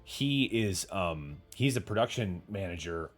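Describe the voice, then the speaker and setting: Low-voiced man, livestream host, rambling stories, casual swearing. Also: lively intonation, a little slow, soft background music. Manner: reads and answers viewer chat aloud. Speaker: podcast host.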